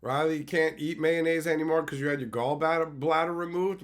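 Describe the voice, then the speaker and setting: A young man from Canada, a streamer reading his live chat and ranting in loud, profane, mock-outraged bursts. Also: on the high side, fairly even intonation, a little fast, hardly any pauses. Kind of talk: casual rant to live chat.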